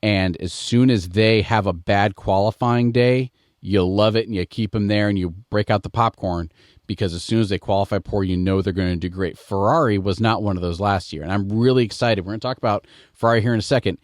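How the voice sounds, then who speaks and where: A middle-aged American man hosts a casual podcast with a lowish voice. The sound is dry and close, with no room in it. His delivery is relaxed and conversational, and he tends to digress. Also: a little fast, no room sound. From United States. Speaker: podcast host.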